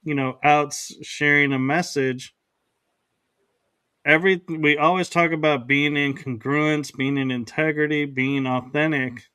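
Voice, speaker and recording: A man's voice: fairly high pitch, fairly even intonation, a little slow, bright, forceful tone, clean tone, no echo. A man hosting a podcast in casual conversation, speaking hesitantly with frequent restarts and acting out quoted remarks. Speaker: podcast host.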